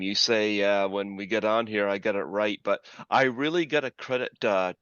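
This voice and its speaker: Slow, smooth-voiced male podcast host. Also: fairly low pitch, a bit bright, dry recording, dull audio. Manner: easygoing, laughs along often. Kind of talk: casual interview chat.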